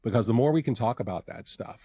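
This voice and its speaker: A man's voice: medium pitch, lively intonation, fast talker, slightly rough, no room sound, lo-fi sound. A man, a podcast host appearing as a guest, speaking earnestly with many filler words. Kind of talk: casual interview chat.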